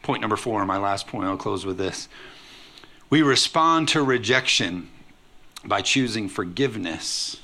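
Bright, gravelly-voiced preaching pastor. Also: male voice, on the low side, unhurried. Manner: energetic, conversational preaching with playful asides. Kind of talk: sermon. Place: church sanctuary with congregation.

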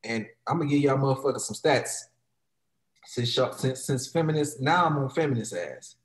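A man's voice: medium pitch, lively intonation, moderate pace, roomy sound. A man in heated, profane podcast talk, mocking others in quoted voices.

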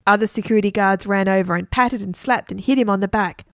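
Expressive woman reading a children's story. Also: mid-range voice, fast, hardly any pauses, no room sound, clean studio sound.

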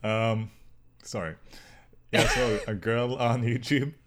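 A man from Sweden, co-hosting a casual podcast with playful, deadpan quips. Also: mid-range voice, takes it slowly. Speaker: podcast co-host.

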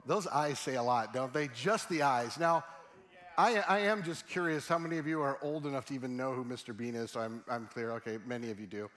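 A man's voice: medium pitch, brisk, fairly bright tone. A middle-aged man preaching a sermon in a humorous, conversational way, often asking his audience questions. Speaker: pastor.

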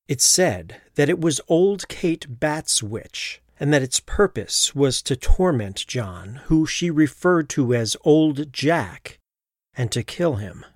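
A man narrating a scripted ghost story with measured, even delivery. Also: on the high side, no echo.

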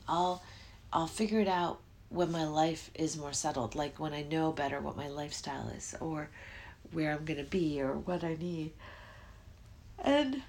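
Middle-aged woman, podcast host, low voice, rambling spiritual talk, faint room hiss. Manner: rambling, self-interrupting, yawning often. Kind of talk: casual spiritual podcast monologue.

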